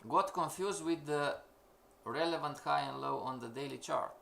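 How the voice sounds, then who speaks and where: A man's voice: on the high side, normal speed, vocal fry, sharp tone. A man teaching a live-streamed trading class, emphatic and questioning, repeating his points to the students. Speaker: forex trading instructor.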